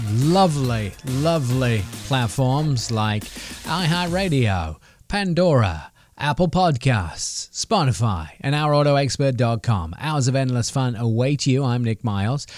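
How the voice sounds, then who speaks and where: A man hosting a car podcast, with upbeat promos and teasing banter with his co-host. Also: mid-range voice. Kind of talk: casual radio show hosting.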